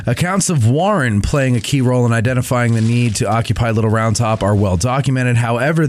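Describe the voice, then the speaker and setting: A man's voice: medium pitch, a little mellow. A man hosting a live show, reading viewer questions aloud and now and then stumbling and correcting himself. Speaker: host.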